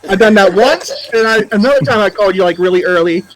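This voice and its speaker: A man's voice: high-pitched, low-quality recording. A man co-hosting a podcast, telling joking stories in a casual chat. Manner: quick, joking storytelling. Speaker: podcast co-host.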